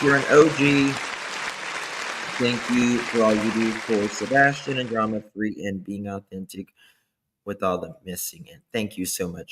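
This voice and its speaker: A man's voice: lowish voice, noisy background. A man hosting a casual livestream, chatting loosely and thanking viewers by name. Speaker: livestream host.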